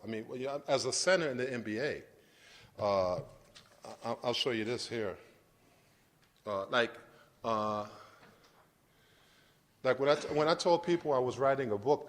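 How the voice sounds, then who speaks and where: Chatty man giving an informal lecture. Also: medium pitch. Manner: conversational, repeats and restarts, asks "does that make sense". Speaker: guest lecturer. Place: university lecture hall.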